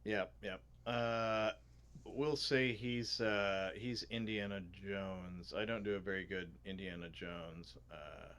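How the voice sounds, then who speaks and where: A man's voice: lowish voice, steady tone, slow, fairly bright tone. A man chatting casually while playing a mystery game, joking and hesitant, full of asides. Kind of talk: casual let's-play chat.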